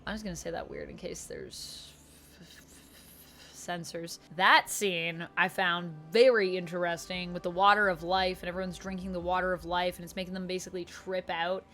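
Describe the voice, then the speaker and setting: A woman's voice: on the low side, fairly even intonation, normal speed, fairly bright tone, faint music behind. A woman talking casually and enthusiastically in a book review vlog, full of fillers as she shares her thoughts. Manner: chatty and enthusiastic, lots of "like" fillers.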